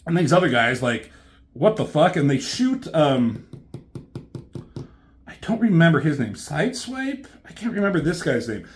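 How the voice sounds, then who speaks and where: A man reviewing a comic in a casual, rambling way, swearing often and filling pauses with ums. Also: a little high, sing-song, slight background noise. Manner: rambling, swears a lot, many fillers. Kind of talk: casual chat.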